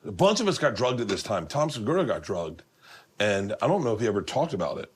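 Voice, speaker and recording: A man's voice: lowish voice, quick pace, breathy edge. A middle-aged man hosting a podcast, telling rowdy anecdotes over dinner with lots of restarts and swearing. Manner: profane, animated anecdote telling with many restarts. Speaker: podcast host.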